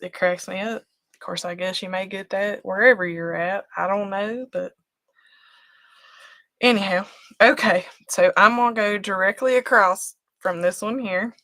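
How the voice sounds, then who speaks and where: A woman's voice: medium pitch, a bit bright, dry recording, clean studio sound. A woman from West Virginia with an Appalachian accent, a craft host chatting casually and folksily while she works, laughing often.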